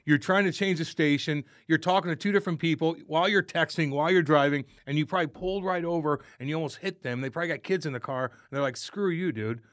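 A man's voice: fairly high pitch, fast talker, few pauses, fairly bright tone, no room sound, studio quality. A man co-hosting a podcast in casual banter, teasing his co-host and acting out what other people might say. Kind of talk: casual chat, ribbing banter.

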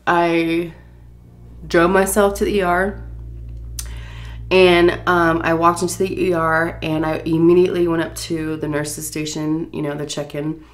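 A breathless woman just getting over the flu tells her story straight to her viewers in a chatty, unscripted vlog. Her voice sits a little low for a woman, and she keeps pausing to catch her breath and sigh. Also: level tone. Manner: chatty, addresses viewers directly. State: recovering from flu, sighing. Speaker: food vlogger. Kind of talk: casual storytelling to camera.

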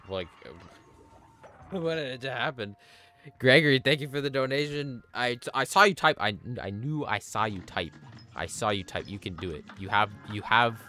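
A man streaming a game live, rambling excitedly to chat, swearing often and making fun of himself. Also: medium pitch. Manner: sudden yelps at the game. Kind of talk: casual live-stream chatter.

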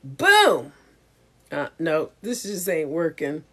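A woman's voice: medium pitch, big pitch swings, unhurried. A woman content creator chatting casually to camera, giggly and self-mocking. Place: home setup with ring light.

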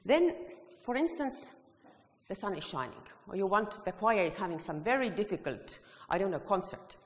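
In a big, reverberant hall, a woman teaching choir leads listeners through vocal exercises, frequently singing lines to demonstrate. She speaks animatedly at a moderate pace in a medium-pitched voice.

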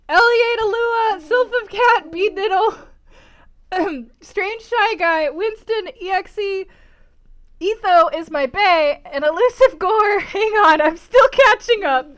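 Super high-pitched giggly streamer girl, slow unhurried delivery, thanking chat and reading off names. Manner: giggly and effusive, reading out long lists of names. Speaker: livestreamer. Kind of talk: casual livestream chat, thanking viewers.

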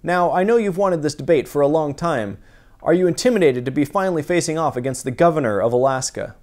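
Deadpan man anchoring a mock newscast. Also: a little high, fast talker. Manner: mock-serious anchor delivery. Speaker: comedy news anchor.

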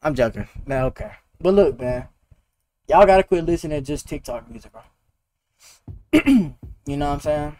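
A young man streaming a game, chatting fast and slangy with his viewers and teasing players. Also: fairly high pitch, lively intonation, mellow, slight background noise. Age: young adult. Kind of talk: casual gaming livestream chat.

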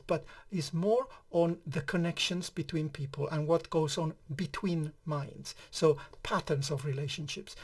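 A middle-aged man lecturing on psychiatry in a conversational way, explaining ideas through everyday examples and often restarting his sentences. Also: a little high. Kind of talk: recorded lecture.

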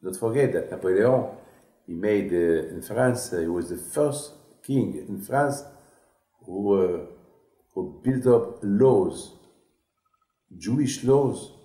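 Slow, halting rabbi. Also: male voice, lowish voice, animated, mellow. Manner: halting, repetitive storytelling. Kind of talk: storytelling sermon. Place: synagogue class hall. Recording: echoey room.

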